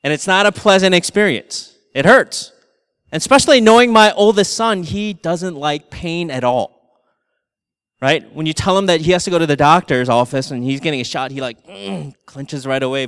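High-voiced man preaching in a hall. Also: clear, resonant tone. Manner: storytelling, animated, laughing through anecdotes. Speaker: pastor. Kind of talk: sermon.

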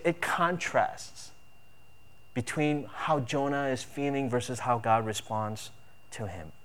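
A man preaching a sermon earnestly, with emphatic build-ups on key points. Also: mid-range voice. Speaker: pastor.

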